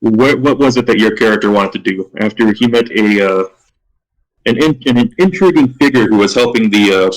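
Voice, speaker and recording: Loud, projecting male game master. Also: fairly low pitch, poor audio. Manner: halting, with many restarts. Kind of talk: narrating a tabletop game.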